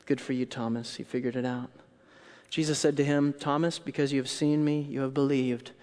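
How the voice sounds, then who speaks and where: A man delivering a sermon in a church, acting out the scene he describes. He moves from hushed, quiet passages to sudden loud bursts. His voice has a middle pitch and carries a long hall reverb. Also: brisk. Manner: animated storytelling, acts out scenes with loud outbursts and hushed quotes. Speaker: pastor.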